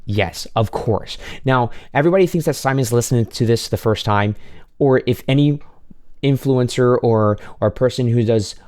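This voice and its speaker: A man working as a vocal coach, reacting to a performance with animated, exclaiming commentary. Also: mid-range voice, smooth. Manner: animated, exclaiming, talks over the clip.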